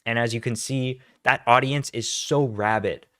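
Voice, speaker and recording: A man's voice: medium pitch, fairly even intonation, normal speed, fairly bright tone, no echo. A young man doing ranting YouTube commentary, sarcastic, blunt and profane.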